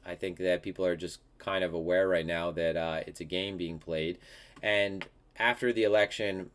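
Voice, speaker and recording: A man with a very low, congested voice hosts a live market commentary show. He talks loosely and off the cuff, full of ums and restarted phrases. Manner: casual, many fillers and restarts. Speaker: crypto market show host.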